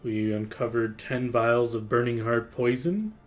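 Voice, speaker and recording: A man's voice: mid-range voice, measured pace, a little hiss or hum. A man playing a tabletop game, speaking in character in a blunt, confident way. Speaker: player.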